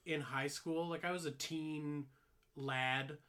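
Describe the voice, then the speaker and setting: A man's voice: on the high side, steady tone, slow pace, a bit bright. A young man casually telling a long story on a podcast, rambling with many "like"s, swearing and laughing along the way. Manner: rambling, full of "like" fillers, laughs while telling stories, swears freely. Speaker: podcast co-host.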